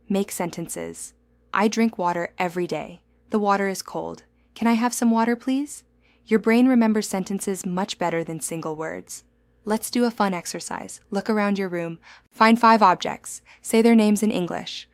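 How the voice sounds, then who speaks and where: A woman delivers a scripted language lesson at a mid pitch, her words clear, measured and encouraging. The sound is dry and close, with no room around her. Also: no room sound. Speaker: English teacher.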